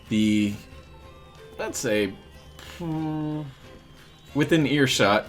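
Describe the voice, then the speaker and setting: A man narrating a tabletop game as dungeon master, in a slow, lively way with many pauses. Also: lowish voice.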